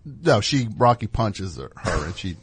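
A man's voice: fairly low pitch, very animated, unhurried, slightly rough, dry recording. A man hosting a radio show, rambling and riffing in casual comedic chat in a studio. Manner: rambling, riffing with put-on voices.

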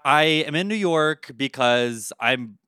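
Campy male podcast guest from Baltimore, sassy and smooth-voiced. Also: fairly high pitch, expressive, takes it slowly, pushed and bright, dry recording, clean studio sound. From Baltimore, USA. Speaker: podcast guest, drag performer. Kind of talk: casual podcast banter.

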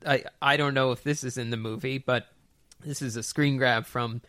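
A man in a casual podcast chat, thoughtful and questioning, speaking softly. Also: mid-range voice, steady tone, moderate pace, dry recording, studio quality. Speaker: podcast co-host.

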